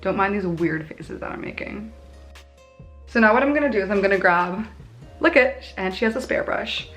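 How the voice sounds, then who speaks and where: A woman's voice: medium pitch, expressive, normal speed, a bit bright, faint music behind. Young female beauty vlogger, chatty and self-deprecating, casual tutorial talk. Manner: chatty, bubbly, self-mocking asides.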